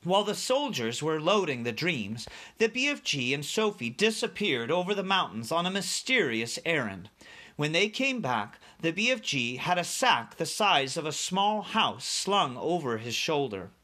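A man reading a children's book chapter aloud like a teacher, animated and speaking directly to young listeners. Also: on the high side, normal speed.

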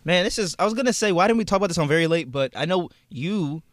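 A man hosting a radio talk show, chatting in a relaxed, slangy way with many fillers. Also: sits high, fast, no room sound. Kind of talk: casual chat.

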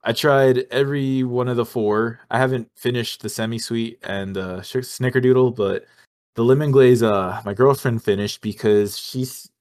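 Animated young man telling a story. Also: mid-range voice, normal speed. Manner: animated storyteller, laughs often, casual swearing. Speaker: podcast co-host. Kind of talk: casual chat.

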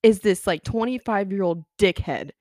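A woman's voice: mid-range voice, normal speed, no echo, studio quality. A young woman co-hosting a casual chat, telling work stories with lots of laughter and swearing. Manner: animated storytelling, laughs often, swears. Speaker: podcast co-host.

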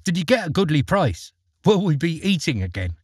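A man voicing a shrill, fierce-tempered peasant mother who scolds in rapid outbursts in a storybook reading. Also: very animated, darkish tone, breathy edge, dry recording, studio quality. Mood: eager.

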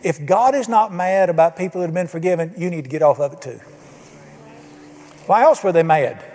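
A man's voice: on the high side, a little fast, darkish tone. An older man preaching a sermon, folksy and emphatic, asking his congregation questions. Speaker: pastor. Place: church sanctuary. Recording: church hall reverb.

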